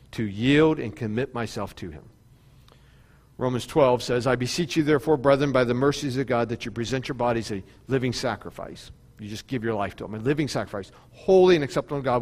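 A man's voice: medium pitch, long reverb tail. A man preaching a sermon, building to fervent peaks and then easing into storytelling. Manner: preaching with rising fervor and repetition. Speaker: pastor.

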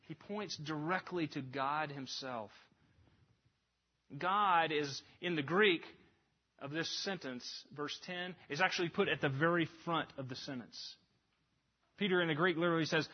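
A man preaching a sermon, earnest and emphatic, swinging between lifted passages and hushed drops. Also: on the high side, animated, measured pace, slightly rough. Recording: dull lo-fi recording.

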